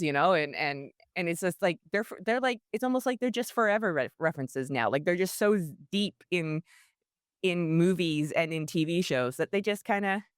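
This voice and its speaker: A woman co-hosting a casual podcast, talking excitedly and rambling with many restarts. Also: lowish voice, smooth, no room sound, clean studio sound. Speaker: podcast co-host. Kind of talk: casual chat.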